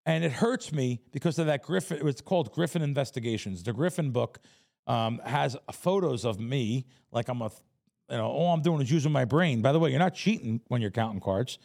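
Blunt New Yorker with a gravelly voice. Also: male voice, mid-range voice, fairly quick. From New York, the Bronx. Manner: blunt, animated storytelling. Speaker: guest, professional sports bettor. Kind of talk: casual interview chat.

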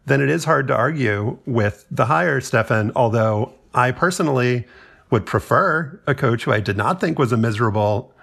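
Gravelly Southern man, wry sports talk. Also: mid-range voice, expressive, normal speed, fairly bright tone. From Louisiana. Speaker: podcast co-host. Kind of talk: casual sports chat.

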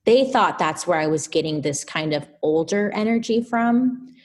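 A podcast guest in casual conversation, speaking in a somewhat low register. She tells her story in an animated, chatty way, leaning on fillers as she goes. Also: normal speed.

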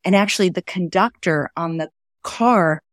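A woman's voice: fairly low pitch, normal speed, dry recording, studio quality. A woman author, a guest on a talk show, telling personal stories in an earnest, conversational way. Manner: earnest, acts out quoted dialogue. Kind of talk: conversational storytelling.

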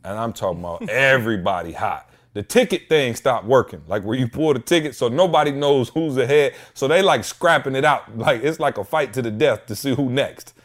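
A man hosting a podcast from his home basement, telling a long casual story in slangy speech and acting out the voices of the people in it. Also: medium pitch. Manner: animated, slangy storyteller who acts out dialogue. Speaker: podcast host.

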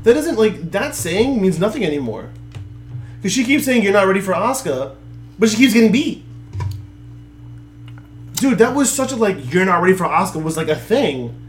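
Animated young man chatting. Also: high voice, normal speed, long pauses, reverberant, faint music behind. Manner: animated, laughs often. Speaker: podcast co-host. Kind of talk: casual wrestling chat.

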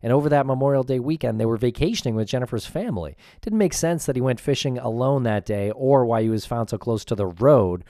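A man's voice: mid-range voice, expressive, quick pace, hardly any pauses, dark tone, no room sound, clean studio sound. A man co-hosting a podcast, talking casually with some hesitation and narrating parts of a case. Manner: hesitant, with fillers. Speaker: podcast co-host. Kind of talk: casual discussion and read narration.

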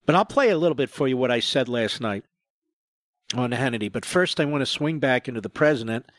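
A man's voice: mid-range voice, animated, brisk, dry recording, studio quality. A man hosting a talk radio show, delivering emphatic, sarcastic, indignant political commentary.

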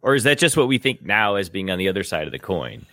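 A man's voice: low voice, big pitch swings, fast, pushed and bright, dry recording, studio quality. A man co-hosting a podcast in casual chat, wisecracking and teasing. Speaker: podcast co-host.

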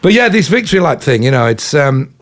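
A man in his fifties with an English accent, a rock musician chatting as an interview guest, telling animated anecdotes full of asides. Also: fairly high pitch, a little fast. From England. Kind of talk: casual interview storytelling.

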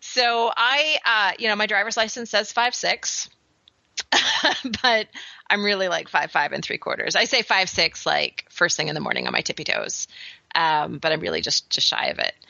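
Chatty woman podcast host, bright and dry. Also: mid-range voice, very animated, normal speed, creaky, no echo, lo-fi sound. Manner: chatty, laughing, lots of fillers. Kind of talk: casual chat.

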